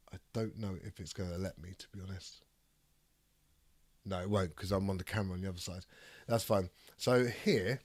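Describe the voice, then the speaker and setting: A man with a raspy voice from a cold, chatting casually on a live stream and reading chat aloud. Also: medium pitch, no room sound, clean studio sound. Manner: reads chat aloud, rambling and swearing. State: ill with a cold, raspy throat. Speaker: streamer hosting a debate.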